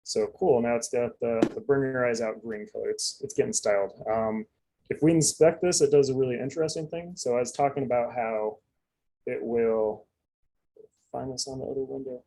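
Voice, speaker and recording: A man's voice: mid-range voice, fairly even intonation, moderate pace, dark tone, low-quality recording. A man giving a casual live coding demonstration, chatty and loose, full of fillers and asides. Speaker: presenter.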